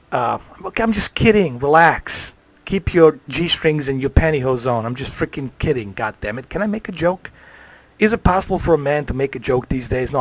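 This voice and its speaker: Man, live streamer, heated profane rant, mid-pitched, dry close mic. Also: no echo. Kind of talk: ranting live stream monologue.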